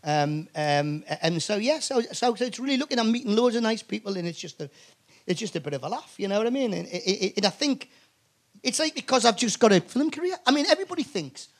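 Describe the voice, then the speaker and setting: A man's voice: sits high, big pitch swings, fast talker. A Geordie man in his sixties, a guest telling rambling, sweary anecdotes full of restarts. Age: 60s. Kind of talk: live comedy podcast interview.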